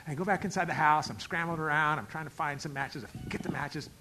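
A middle-aged male pastor telling a story in a sermon, acting out the dialogue and swinging from loud outbursts to quiet asides. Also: a little high, quick pace, poor audio. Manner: animated, acts out dialogue with big swings in loudness.

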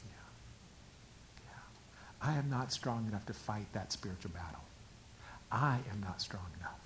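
A pastor preaching a sermon, dropping to hushed whispers and rising to loud, emphatic preaching. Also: male voice, fairly low pitch, expressive, a little slow, slight background noise.

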